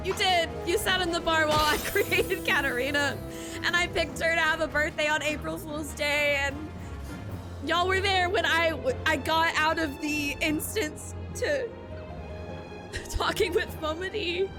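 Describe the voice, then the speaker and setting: A young woman with a very high-pitched voice livestreams a video game, speaking unhurriedly but emotionally to her viewers. She exclaims and laughs often, with game music playing in the background.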